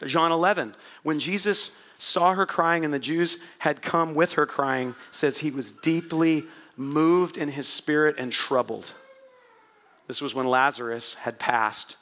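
An animated man preaching a sermon, his voice sitting a little high and ringing bright and forceful. He swings between hushed asides and bursts of excitement as he talks to the room. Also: unhurried. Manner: animated, swings from quiet asides to shouted prayers. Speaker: pastor.

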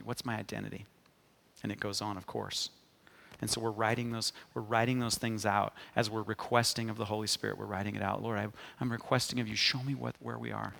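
A man's voice: lowish voice, vocal fry, sharp tone, big-room sound. A man preaching a sermon, emphatic, often turning to the congregation with a questioning 'amen?'. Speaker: pastor.

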